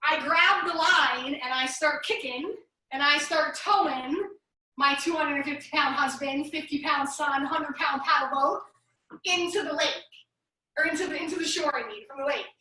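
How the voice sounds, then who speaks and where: A woman in her thirties leading a business workshop, talking in an animated, chatty way with lots of "like" and "right?" as she tells stories. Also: high-pitched, moderate pace. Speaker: business strategist running a workshop. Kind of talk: energetic workshop talk with personal storytelling. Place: large room at a live workshop. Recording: echoey room, voice from far off.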